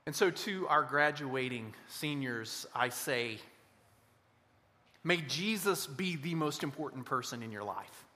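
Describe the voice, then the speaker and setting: A man preaching a sermon in a church, earnest and slowing down to stress key words. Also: medium pitch, lively intonation, bright, forceful tone, in a large hall. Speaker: pastor. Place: church sanctuary.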